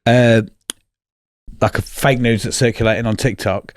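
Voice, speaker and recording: A man's voice: medium pitch, fairly even intonation, moderate pace, clean tone, dry recording, clean studio sound. A man in casual comedy chat, rambling a little with hesitant fillers and laughs as he tells a story. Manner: rambling, hesitant, laughs through his lines.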